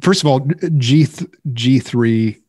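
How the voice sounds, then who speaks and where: Man, podcast host, blunt, sarcastic, combative, mid-pitched, dry sound. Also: takes it slowly, a little mellow, husky, no echo. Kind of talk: casual podcast discussion.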